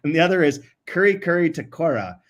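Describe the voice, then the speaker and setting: A man's voice: a little high, expressive, fast talker. A man co-hosting a podcast in casual chat, reading quotes aloud and often laughing mid-sentence. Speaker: podcast co-host.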